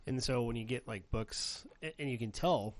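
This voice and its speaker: A middle-aged man co-hosting a casual comedy podcast, telling stories that turn loud and high-pitched when he gets animated. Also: moderate pace, no room sound. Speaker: podcast co-host.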